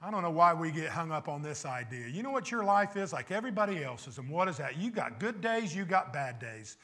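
A man's voice: on the high side, lively intonation, brisk, a bit bright. A man preaching a sermon as pastor, emphatic and full of rhetorical questions, with wry, teasing asides.

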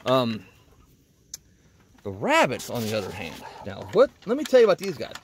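A man's voice: mid-range voice, huge pitch swings, normal speed, slight background noise. Rambling man chatting at the animal pens. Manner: rambling, talks to his animals. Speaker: homesteading vlogger. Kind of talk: casual chat while doing farm chores. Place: outdoors at backyard animal pens. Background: chickens clucking.

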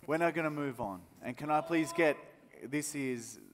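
A man's voice: fairly high pitch, moderate pace, in a large hall, slight background noise. A man co-hosting a live comedy show and talking to the audience on stage. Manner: animated, addressing audience.

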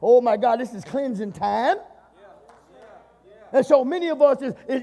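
A Southern US pastor preaches to his church in a very high, husky voice with a mellow, dark color. He keeps breaking in with "my God" and calls out to the congregation. The sound carries a long hall reverb. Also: moderate pace. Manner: call-and-response preaching, repeats "my God". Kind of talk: sermon. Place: church sanctuary.

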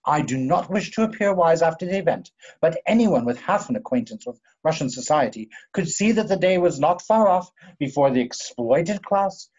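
A man playing a vain, pompous older English gentleman in a play reading over a video call, with a drawling, theatrical delivery. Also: fairly high pitch, expressive, moderate pace, hardly any pauses. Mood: lecturing. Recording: dull lo-fi video call audio.

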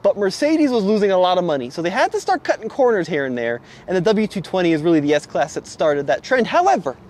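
High-voiced man reviewing cars. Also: sing-song, fast talker, darkish tone. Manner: wry, sarcastic, enthusiastic showman. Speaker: co-host presenting cars. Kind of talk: casual car review chat.

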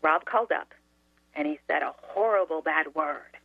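A woman telling a story as a talk show guest, animated and laughing often. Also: sits low, moderate pace, creaky, no room sound. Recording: dry tinny phone line.

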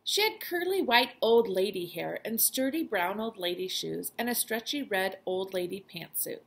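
A woman teacher reads a children's chapter book aloud, her storytelling voice rising and falling with lots of life. A gravelly, creaky texture runs through her even pitch. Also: normal speed. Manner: expressive storytelling voice.

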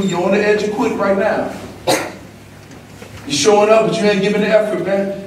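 A man's voice: high-pitched, recorded from a distance, a little hiss or hum. Fiery man preaching in an echoey hall. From Los Angeles. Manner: storytelling, call-and-response with the audience, swings from hushed to shouting. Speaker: motivational speaker. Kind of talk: motivational assembly speech. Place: school gym or auditorium.

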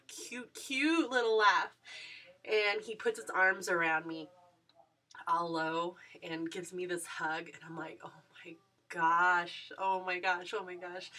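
A woman's voice: medium pitch, bright, forceful tone, distant mic. A young woman vlogger gushing through a personal story, full of fillers and giggles.

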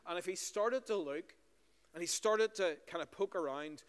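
A Northern Irish pastor gives the children's story in a big church, keeping it friendly and asking the kids questions as he goes. His slightly high voice is brisk, smooth and fairly bright, with the church hall's long reverb trailing behind.

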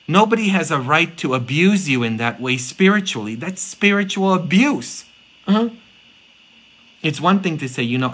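Middle-aged man, priest giving an animated sermon; bright voice, peppers lines with "huh?". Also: medium pitch, rough recording. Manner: animated storytelling, rhetorical "huh?" tag questions.

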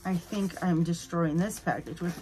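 A woman's voice: lowish voice, moderate pace, a little mellow, faint music behind. A woman chatting casually through an unboxing, playful and giggly, now and then slipping into a spooky voice. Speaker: unboxing YouTuber.

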